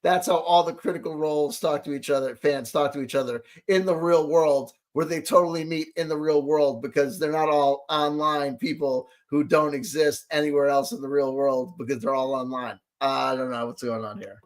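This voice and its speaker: A man's voice: on the high side, fairly even intonation, normal speed, hardly any pauses. A man ranting in reaction to a video, sarcastic and exasperated, rambling with lots of fillers. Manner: exasperated, sarcastic, talks back at the clip. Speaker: commentary host reacting to a clip.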